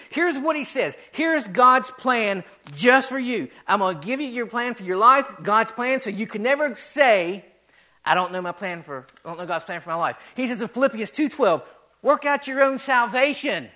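Man preaching, high and bright, builds to loud repeated lines. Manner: rising to loud emphatic repetition. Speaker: pastor. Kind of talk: sermon.

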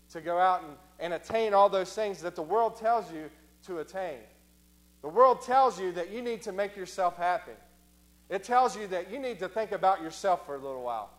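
A man preaching in a high voice, repeating his points and slowing down for emphasis. He answers imagined objections from his listeners. Faint music plays underneath. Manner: repeats phrases for emphasis, slows on key lines. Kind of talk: sermon.

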